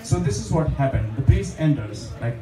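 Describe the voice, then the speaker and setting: A man's voice: mid-range voice, expressive, normal speed, warm tone. A young man doing open mic stand-up in a small bar, chatty and self-deprecating, with lots of fillers. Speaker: stand-up comedian. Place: small bar stage with a live audience. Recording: echoey bar room, distant mic, audience laughter.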